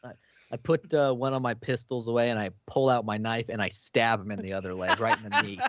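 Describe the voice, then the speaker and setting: A man's voice: medium pitch, steady tone, brisk, fairly bright tone, dry recording. A man playing his character at a tabletop game, blunt and menacing. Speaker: player. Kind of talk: tabletop role-play. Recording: dull lo-fi stream audio.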